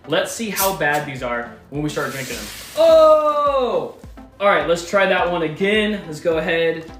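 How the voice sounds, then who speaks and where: A man's voice: fairly high pitch, moderate pace, a bit bright, reverberant, faint music behind. A man presenting a casual demonstration vlog in an upbeat way. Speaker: vlogger.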